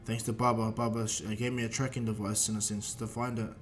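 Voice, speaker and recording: A man's voice: lowish voice, flat delivery, quick pace, soft background music, natural voice. A man voicing a proud, scornful adult warrior prince in a fan-made story narration. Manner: scornful, blunt.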